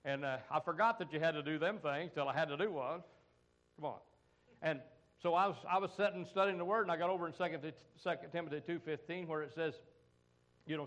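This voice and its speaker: A middle-aged American pastor preaching a folksy sermon, peppered with "amen" and "come on" asides. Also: male voice, fairly high pitch, brisk, fairly bright tone, low-quality recording.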